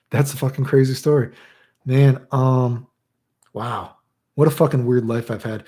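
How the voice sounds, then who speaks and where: A man's voice: medium pitch, fairly even intonation, a little slow, long pauses, dark tone. A young man chatting casually as a streamer answering chat, crude and rambling, swearing a lot.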